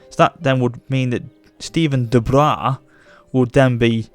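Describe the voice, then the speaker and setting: An excitable young man talks through his strategy game, often bursting into delighted praise. His voice sits at an ordinary middle pitch. The sound is close and dry, with no room echo. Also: a little slow, soft background music. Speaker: let's play host. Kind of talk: gameplay commentary.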